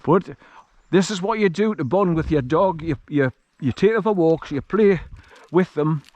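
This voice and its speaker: A man's voice: fairly high pitch, expressive, normal speed, highs cut off. A man chatting casually as he walks a countryside track with his dog, rambling and chuckling often, recorded on an action camera outdoors. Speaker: vlogger walking his dog. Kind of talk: casual walk-and-talk narration. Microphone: action camera carried while walking.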